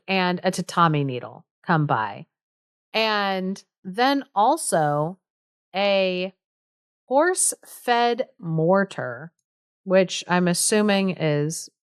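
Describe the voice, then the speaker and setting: Woman co-host, casual storyteller, chatty and amused; smooth, clear voice, dry sound. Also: lowish voice, dry recording. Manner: chatty, amused, lots of fillers.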